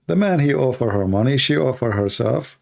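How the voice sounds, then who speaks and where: Hoarse, gravelly man. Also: mid-range voice, lively intonation, a little fast. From Middle East. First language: Arabic. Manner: blunt, sarcastic, rhetorical questions. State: hoarse, tired voice. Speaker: Christian apologist, host answering questions. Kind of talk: casual live Q&A stream.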